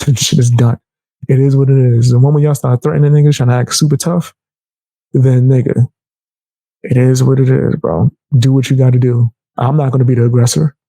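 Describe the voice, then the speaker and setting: A young man telling a heated personal story in casual, animated speech, raising his voice to act out the people he quotes. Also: mid-range voice, fairly quick, creaky, dry recording. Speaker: storyteller vlogger.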